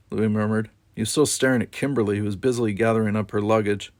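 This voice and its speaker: Low-voiced man reading a novel aloud. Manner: steady, measured narration. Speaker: audiobook reader.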